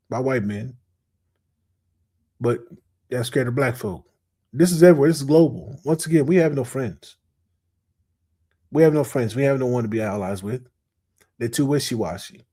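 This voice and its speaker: A man hosting a reaction commentary show, talking in a slangy, animated way straight to his audience. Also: medium pitch, normal speed, pauses often. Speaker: host.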